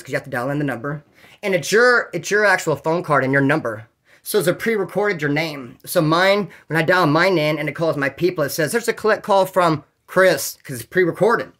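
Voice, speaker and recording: A man telling prison stories in a casual, animated way, swearing often and acting out other people's voices. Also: a little high. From California. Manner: animated, profane, acts out quoted voices. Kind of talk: casual storytelling.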